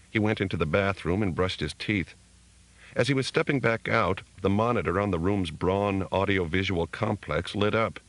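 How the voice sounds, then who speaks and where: Deep-voiced male audiobook narrator. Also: a bit bright, poor audio. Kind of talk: scripted narration.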